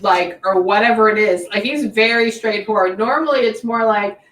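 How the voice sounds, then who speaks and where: A woman working as a psychic medium, talking casually and often pausing to say hang on. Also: medium pitch, fairly bright tone. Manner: chatty, keeps pausing to say hang on. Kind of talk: casual spoken reading session. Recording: echoey room, mic at a distance, faint noise.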